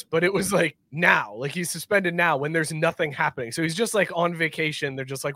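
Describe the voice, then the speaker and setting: Rambling podcast host, fairly high voice. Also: male voice, brisk, few pauses, pushed and bright, no echo. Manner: rambling, swearing, joking. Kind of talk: casual sports podcast banter.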